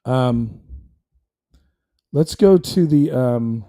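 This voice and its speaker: A man's voice: medium pitch, animated, drawn-out words, warm tone. A man hosting his own commentary show, talking bluntly and heatedly, rambling with restarts and fillers. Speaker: show host. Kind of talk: casual commentary stream.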